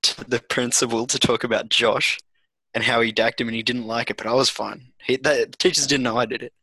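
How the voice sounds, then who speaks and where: A man's voice: medium pitch, level tone, brisk, bright, forceful tone, slightly rough, no room sound, low-quality recording. A young Australian man in casual chat, telling a school story in a laid-back, amused way.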